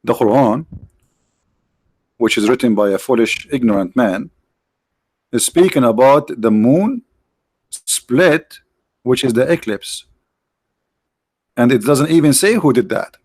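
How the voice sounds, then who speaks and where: A man hosting a live stream with mocking, sarcastic commentary and rhetorical questions, his voice tired, clearing his throat now and then. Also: medium pitch, animated, a little slow, long pauses, darkish tone, no echo. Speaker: online show host.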